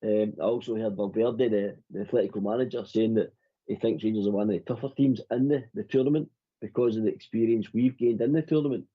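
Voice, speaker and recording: A man hosts a football fan phone-in in an easygoing, matey way, leaning on "mate" every few phrases. His voice sits low with a husky edge. The sound is muffled and lo-fi. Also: steady tone, quick pace. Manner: matey, calls the other man "mate" constantly. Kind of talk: casual chat. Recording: dull lo-fi audio.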